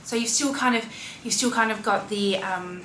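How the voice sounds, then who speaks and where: She's an Australian woman in her thirties, a mom and fashion vlogger, confiding in a chatty, sincere way with plenty of fillers. Her medium-pitched voice sounds pushed and bright at a moderate pace. A distant mic captures roomy echo, faint ambience and slight background noise.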